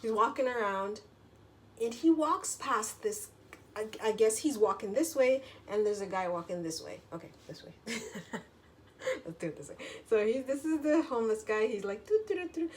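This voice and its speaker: A woman's voice: on the high side, lively intonation, normal speed. Chatty woman telling a story. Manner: chatty, lots of "like" fillers, swears freely. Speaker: vlogger. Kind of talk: casual storytelling monologue.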